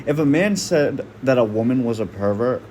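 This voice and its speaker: A man's voice: mid-range voice, expressive, normal speed, a little mellow, slight background noise. A man doing casual reaction commentary, blunt and slangy, swearing freely. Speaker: online commentator.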